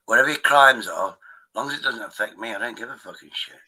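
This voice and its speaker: A man's voice: medium pitch, fast, sharp tone, rough recording. A man hosting a live stream, rambling in a casual, profane way. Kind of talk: casual chat.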